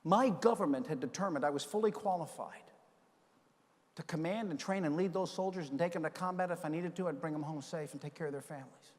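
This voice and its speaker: A middle-aged man giving a conference keynote, telling a story and acting out the dialogue with lively energy. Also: fairly high pitch, quick pace. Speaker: keynote speaker. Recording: long hall reverb.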